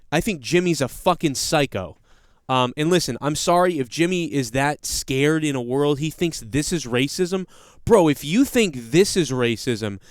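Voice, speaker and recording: Man, podcast host, casual rant, blunt and profane, clear resonant voice, dry close sound. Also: a little high, no echo.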